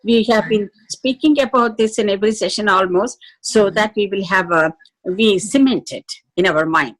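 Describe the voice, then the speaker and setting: A woman teaching a lecture in a slow, explanatory way, pausing to check with listeners. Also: mid-range voice, poor audio. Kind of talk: lecture on Sanskrit phonetics.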